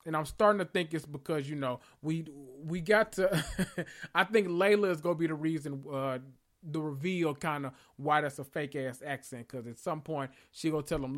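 A man's voice: fairly high pitch, normal speed. A man casually recapping a TV episode, sassy and profane, telling it like gossip. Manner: sassy, profane, animated storytelling with slang.

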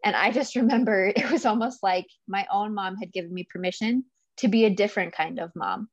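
A woman of medium pitch speaks briskly as a guest in a casual interview, where she appears as a business coach for mothers. She is earnest and emotional and laughs often while talking. The recording is muffled but has no echo.

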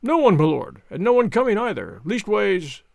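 A man's voice: high-pitched, very animated, moderate pace, gravelly, a little mellow, no echo, clean studio sound, exaggerated voice. A man reading aloud, voicing a jovial, deferential old English innkeeper with folksy, rustic speech. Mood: eager.

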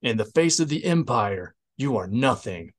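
A man voicing a petty, self-important male Imperial interrogator, slow and menacing. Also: medium pitch, animated, natural voice.

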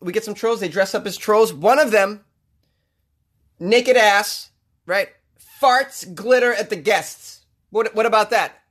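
A man's voice: high-pitched, a little slow, fairly bright tone. A man with a Boston accent hosting a comedy podcast, riffing sarcastically and rambling through his jokes. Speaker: podcast host. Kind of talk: comedic monologue.

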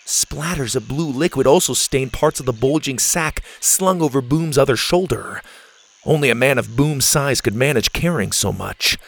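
Gravelly, husky male storyteller. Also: mid-range voice, animated, moderate pace. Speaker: narrator. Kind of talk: storybook narration.

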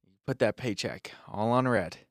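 A man's voice: on the low side, moderate pace, no room sound. Young man joking in a dry room. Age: young adult. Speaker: podcast co-host. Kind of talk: casual chat.

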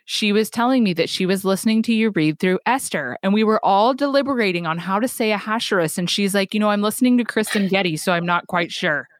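A woman's voice: medium pitch, quick pace, few pauses, no echo. A young adult woman hosting a podcast interview, upbeat and affirming as she chats with her guest. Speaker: podcast host.

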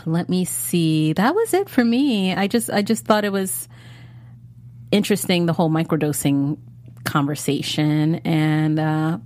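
A woman's voice: low voice, lively intonation, unhurried, a little mellow, no room sound. A woman co-hosting a podcast, chatting enthusiastically in a casual TV recap. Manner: chatty, enthusiastic, trails off and restarts. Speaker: podcast co-host.

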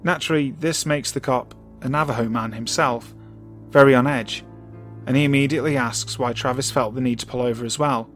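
A man reads a creepy story aloud in a calm, measured voice at a medium pitch. He slows down and drops his voice for tense moments. Faint music plays under his narration. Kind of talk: scripted narration. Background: soft music.

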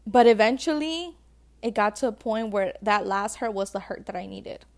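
A woman with a medium-pitched, somewhat dark voice speaks at a moderate pace with lively intonation. She's a vlogger giving relationship advice, chatting casually and emotionally to her viewers, calling them sis and babe and saying "like" constantly in a heartfelt talk.

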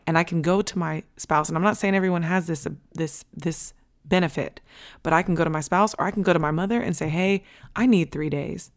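A woman's voice: fairly low pitch, fairly even intonation, fast. Blunt, emphatic woman podcast host. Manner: emphatic, blunt, casual with swearing; repeats key points for emphasis. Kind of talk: candid motivational podcast talk.

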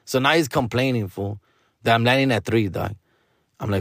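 A man's voice: mid-range voice, normal speed, creaky, pauses often, fairly bright tone, dry recording. Man, comedian from Los Angeles, storytelling, profane slang, Spanish words mixed in, dry close sound. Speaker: stand-up comedian.

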